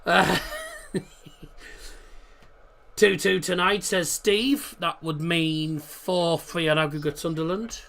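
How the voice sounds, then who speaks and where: Bright-voiced chatty man hosting a watchalong. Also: fairly high pitch, fairly even intonation, slow, creaky, pauses often. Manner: rambling, chatty, cracks corny self-mocking jokes. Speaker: football watchalong livestream host. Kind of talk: casual live match chat.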